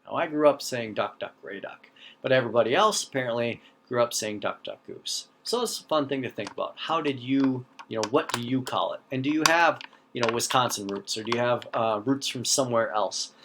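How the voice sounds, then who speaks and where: A man's voice: mid-range voice, fairly quick, a bit bright, a little hiss or hum. Upper Midwest man giving a casual lecture. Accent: Upper Midwest American. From North Central United States. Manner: conversational, frequent "right?" check-ins and restarts. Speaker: teacher. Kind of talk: recorded lecture.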